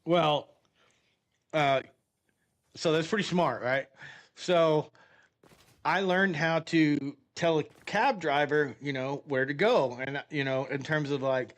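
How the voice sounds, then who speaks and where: A middle-aged man streaming a game, chatty and animated, often laughing as he tells a long story. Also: on the high side, takes it slowly, pauses often. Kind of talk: casual storytelling while gaming.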